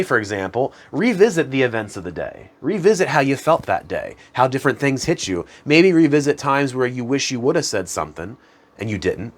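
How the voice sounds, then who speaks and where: A man hosting a self-improvement channel, explaining practices in a casual, conversational way and chuckling at himself now and then. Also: mid-range voice. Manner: conversational, chuckles at himself, chants hum softly. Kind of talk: casual instructional talk.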